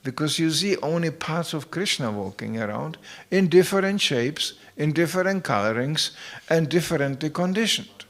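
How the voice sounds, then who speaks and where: A man's voice: fairly high pitch, expressive, normal speed, a bit bright. A man giving a devotional scripture lecture in a humorous, conversational way, full of anecdotes.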